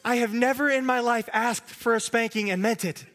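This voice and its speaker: A man preaching a sermon as pastor, earnest, at times dropping to a soft hush. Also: very high voice, fairly even intonation, moderate pace.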